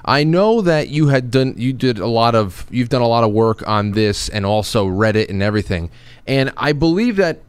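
Halting male podcast host. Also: medium pitch, animated, clear, resonant tone, no echo. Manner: halting, restarts sentences often. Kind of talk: casual chat.

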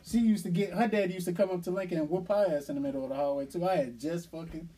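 A young man in casual chat, telling a childhood story in a laid-back, unhurried way. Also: high-pitched, steady tone, warm tone, breathy edge, rough recording.

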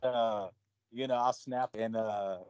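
A man's voice: fairly low pitch, fairly even intonation, slow pace, a little mellow, muffled recording, a little hiss or hum. A man being interviewed about his music, talking loosely and rambling, with many fillers and retold conversations. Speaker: guest musician. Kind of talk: casual interview talk.

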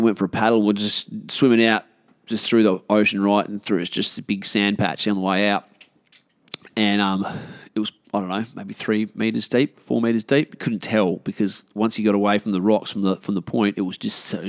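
A man's voice: lowish voice, dry recording, clean studio sound. A man with an Australian accent telling a rambling, casual story, laid-back and full of swearing.

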